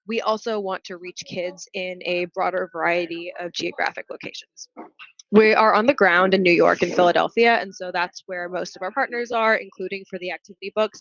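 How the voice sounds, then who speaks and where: A young woman speaks earnestly and fluently as a podcast guest, explaining her plans in long, well-formed sentences. Her voice has a middling pitch. The audio is dry and slightly muffled. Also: a bit bright, no echo. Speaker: nonprofit founder and guest. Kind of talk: podcast interview answer.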